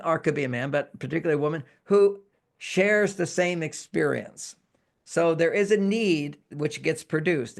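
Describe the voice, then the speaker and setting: Gravelly, higher-pitched man explaining emotions. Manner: animated, acts out example phrases in quotes. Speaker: relationship expert guest. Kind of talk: explanatory interview talk.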